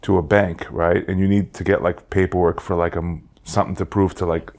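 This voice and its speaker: A man with a low, gravelly voice talks fast on a casual podcast. He jokes around and keeps pushing his co-host with teasing questions. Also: level tone, a little mellow. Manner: quick, joking, prompting questions. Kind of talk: casual chat.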